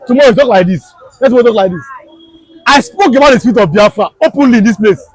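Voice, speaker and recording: A Nigerian man with a Yoruba accent delivers impassioned political commentary. His voice sits very high and he hammers points home with emphatic repetition and a preachy tone. The sound is dry and close. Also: expressive, fast, no echo, poor audio. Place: outdoors on a Lagos street.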